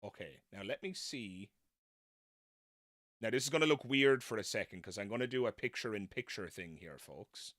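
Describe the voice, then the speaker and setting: A man's voice: fairly low pitch, animated, normal speed, fairly bright tone, no echo, studio quality. A man hosting a live stream, chatting casually and self-deprecatingly, wandering off into tangents. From not American. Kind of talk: casual rambling live chat.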